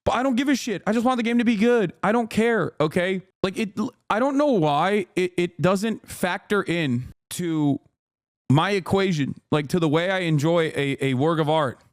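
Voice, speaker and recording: A man hosting a reaction stream, talking in a profane, animated and exasperated way, often restarting his sentences. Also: high-pitched, moderate pace, no room sound, studio quality. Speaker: streamer host. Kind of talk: reaction commentary.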